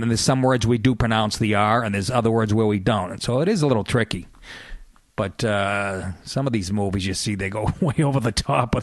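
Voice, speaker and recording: A man's voice: lowish voice, dry recording, studio quality. A man with a Boston accent, a comedian hosting his podcast in a profane, rambling comic monologue. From Massachusetts.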